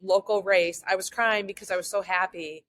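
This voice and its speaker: A woman's voice: medium pitch, fairly even intonation, moderate pace, fairly bright tone, slight background noise. A woman triathlete in casual conversation, talking openly and emotionally about her racing. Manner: open, emotional, rambling. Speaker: triathlete guest and former podcast co-host.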